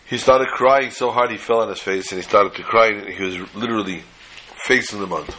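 A man with a low, forceful voice tells a folk story, animated and slipping into Yiddish phrases. A faint hiss sits under the recording. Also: moderate pace, pauses often, rough recording.

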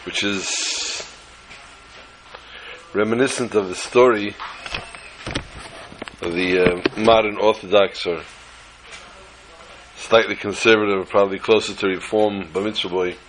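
A man's voice: on the low side, steady tone, unhurried, long pauses, noisy background. A man giving an informal Torah talk as a religious teacher, rambling and anecdotal, often correcting himself as he goes.

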